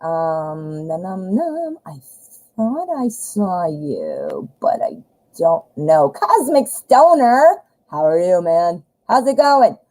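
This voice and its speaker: A woman's voice: fairly low pitch, wildly swooping pitch, slow pace, dark tone, rough recording. A woman giving a live-stream tarot reading in a chatty, joking way, calling her viewers hon and my dear. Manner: jokey, self-mocking asides. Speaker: tarot reader.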